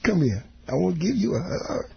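A man's voice: high-pitched, big pitch swings, a little fast, vocal fry, slightly rough, pitched below the performer's own voice, exaggerated voice. A man doing a hollering Southern dad. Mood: hollering, scolding. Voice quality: brash, hollering. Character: loud scolding Southern dad yelling at his kids. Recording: dull radio audio with crowd.

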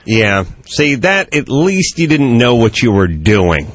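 A man's voice: medium pitch, big pitch swings, takes it slowly, dry recording. A man hosting a comedic radio show, telling rambling self-deprecating stories and calling in listeners.

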